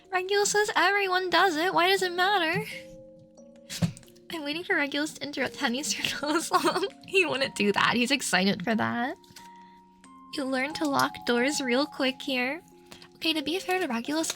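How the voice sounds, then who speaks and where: A woman's voice: high voice, a bit bright. A woman streamer answering viewer questions in a casual, playful chat, laughing often.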